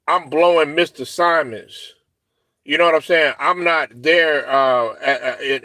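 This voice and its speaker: A man with a fairly high voice, recorded with no room sound, co-hosts a sports talk show. His talk is casual, profane and animated, packed with fillers and restarts as he acts out other people's lines.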